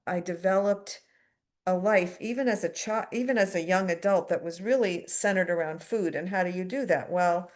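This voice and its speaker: At a twelve-step meeting, a middle-aged American woman gives a frank, self-deprecating account of her recovery, full of fillers and wry asides. Her voice is on the low side.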